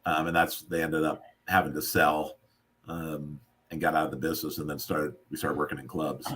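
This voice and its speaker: An older man co-hosting a casual chat show, talking in a halting way with many pauses. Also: a bass voice, flat delivery, fairly bright tone, slight background noise. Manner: halting, full of pauses and ums. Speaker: co-host.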